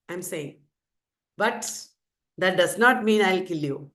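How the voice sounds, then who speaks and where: A woman's voice: mid-range voice, lively intonation, unhurried, fairly bright tone. A woman teacher with an Indian English accent, quizzing her students and repeating the answers emphatically. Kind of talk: lecture with questions to students.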